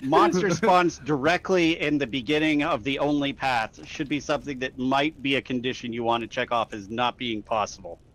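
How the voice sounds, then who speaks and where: A man's voice: mid-range voice, normal speed, hardly any pauses, fairly bright tone. A man chatting casually while playing a co-op game with friends, making dry, analytical remarks. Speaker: gamer. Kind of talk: casual gaming chat.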